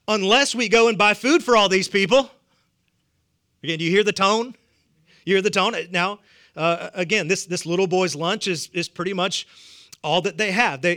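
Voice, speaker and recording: A man's voice: high-pitched, pushed and bright. A man with a Southern US accent preaching a sermon, humorous and conversational, chuckling often. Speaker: pastor.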